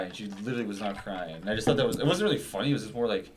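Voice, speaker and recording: A man's voice: fairly low pitch, animated, very fast, slight background noise. A man co-hosting a casual podcast, rambling and cracking crude jokes. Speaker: podcast co-host.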